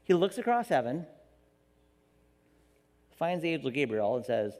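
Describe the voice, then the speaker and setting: A pastor preaches a sermon in a church, telling the story in an animated, jokey way and acting out the quotes. His voice is a little high and his pace measured, with a big-room sound.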